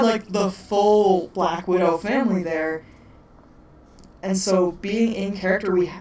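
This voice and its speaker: Chatty wisconsin lady running a tabletop game, giggles a lot, echoey room, mic kinda far off. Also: fairly low pitch. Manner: giggly, chatty, talks to her pets. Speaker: game master. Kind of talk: casual tabletop chat. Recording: echoey room, distant mic, faint noise.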